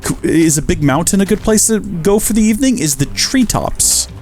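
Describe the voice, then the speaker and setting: A man's voice: sits high, animated, normal speed, a little mellow, faint music behind. Chatty man narrating his gameplay. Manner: chatty, talks to animals and himself, jokey asides. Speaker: Minecraft let's-play host. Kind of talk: casual gameplay commentary.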